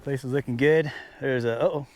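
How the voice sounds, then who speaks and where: At a mountain campsite, a man sets out snacks and talks to his dogs, keeping up casual vlog chatter for the camera. His medium-pitched voice is steady, brisk, and a little mellow.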